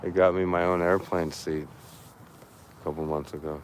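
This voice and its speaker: A man's voice: deep voice, little pitch movement, moderate pace, background noise. A man vlogging outdoors on a neighborhood street at dusk, chatty and rambling, cooing at the cats he passes. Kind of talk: casual walking vlog.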